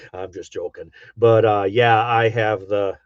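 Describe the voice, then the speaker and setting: A man's voice: lowish voice, fairly even intonation, slow, no echo. A middle-aged man with an Upper Midwest accent, rambling folksy and casual while he reads out chat on a livestream, with plenty of ums and uhs. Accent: Upper Midwest, Michigan. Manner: rambling, folksy, many fillers. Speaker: livestream host reading chat. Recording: dull dry lo-fi sound.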